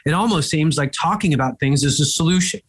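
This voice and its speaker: Man, husky, fairly high-pitched, comedian guest, animated storytelling, from Egypt. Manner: animated anecdotal storytelling with quick asides. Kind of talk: storytelling interview chat.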